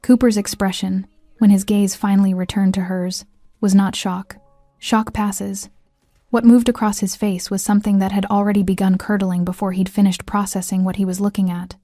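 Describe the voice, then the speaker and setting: A woman narrating a story in a measured, even reading. Her voice is dark and mellow, and her pitch barely moves. The recording is dry, and soft music plays faintly underneath. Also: no room sound.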